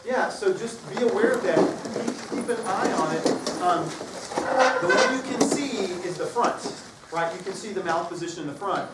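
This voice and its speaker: A man leading a choir workshop, coaching singers in an upbeat, joking way. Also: on the high side. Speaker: choral workshop clinician. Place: large reverberant hall with piano. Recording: echoey hall recorded from far off.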